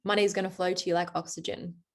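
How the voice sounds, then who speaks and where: A woman's voice: fairly low pitch, flat delivery, fast. A young adult woman coaching her team over a video call, chatty and motivational, walking them through affirmations. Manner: upbeat, chatty, motivational, reads affirmations aloud. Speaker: team coach leading a recruiting session. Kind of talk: live online coaching session.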